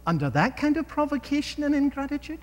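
A male preacher with a high, lively voice delivers a sermon, full of rhetorical questions and dramatic pauses. His voice carries a long reverb, as if he were in a large hall.

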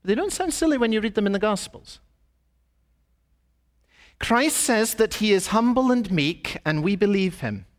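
A male pastor delivering a sermon in a church, his voice swinging up and down with lively expression. He tells stories and leans on rhetorical questions, slowing down to stress key phrases. The sound carries a long, echoing reverb from the church. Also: high voice. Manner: storytelling preacher, rhetorical questions, emphatic slowed phrases.

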